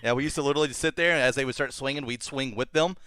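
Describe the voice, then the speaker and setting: A man's voice: mid-range voice, very fast, pushed and bright, clear, resonant tone, no room sound. A man co-hosting a podcast, telling rowdy stories and swearing freely in a casual chat. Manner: swears a lot, rowdy storytelling. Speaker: podcast co-host.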